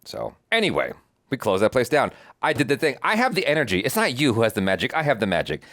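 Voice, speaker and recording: A man's voice: mid-range voice, big pitch swings, fast talker, a bit bright, no room sound, clean studio sound. A man co-hosting a reaction show, chatting casually and telling jokey stories with plenty of swearing. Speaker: reaction channel co-host. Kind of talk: casual chat.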